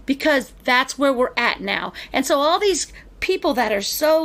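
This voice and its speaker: A woman hosting a podcast, telling stories in casual chat with animated emphasis. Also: sits high, a little slow, few pauses. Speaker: podcast host.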